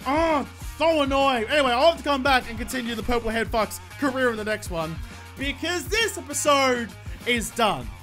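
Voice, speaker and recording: A man commentating his own gameplay, swearing and ranting excitably at the game. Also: very high-pitched, fairly quick, faint music behind. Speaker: gaming YouTuber.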